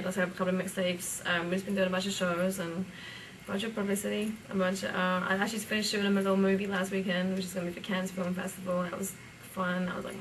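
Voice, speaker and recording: A woman's voice: mid-range voice, bright, forceful tone. A young woman from the UK with a British accent, a rapper chatting casually in an interview, full of fillers and easy laughs. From United Kingdom. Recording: distant mic, faint ambient noise.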